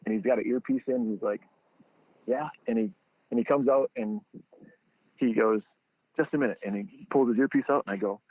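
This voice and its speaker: A man telling a story as a guest on a podcast. He acts out the people he quotes with sudden high jumps in his voice. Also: fairly quick, pauses often, breathy edge, no room sound. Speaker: guest, training football founder. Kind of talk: animated storytelling. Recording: dry, tinny phone-line sound.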